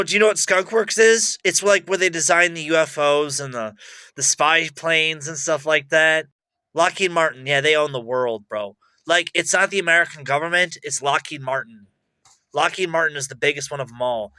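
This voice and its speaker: Young male vlogger, boastful rambler, bright voice pitched slightly high. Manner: boastful, rambling, excitable, repeats himself. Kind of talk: rambling monologue to camera.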